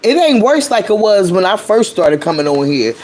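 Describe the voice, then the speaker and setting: A woman's voice: medium pitch, big pitch swings, normal speed, darkish tone. Nasal, brash woman gossip streamer. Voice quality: nasal, allergy-stuffed voice. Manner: brash, profane, laughing often. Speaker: live-stream host. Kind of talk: casual celebrity gossip commentary.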